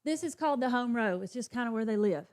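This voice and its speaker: A woman's voice: fairly high pitch, animated, fast, background noise. A woman teacher demonstrating a phonics lesson for other teachers, sounding out letters and modeling classroom chants. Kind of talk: professional development demonstration for teachers.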